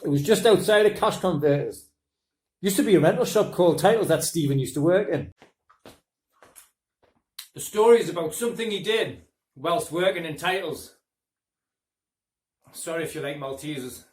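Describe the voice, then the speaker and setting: A man's voice: fairly high pitch, moderate pace, pauses often, darkish tone. Man in an echoey room. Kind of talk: casual spoken intro.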